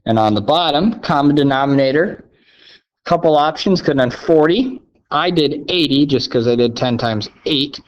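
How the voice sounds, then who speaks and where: A man's voice: on the high side, moderate pace, slight background noise. A man teaching a recorded math lesson, upbeat and playfully sarcastic, often checking in with "okay?". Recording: dull lo-fi sound.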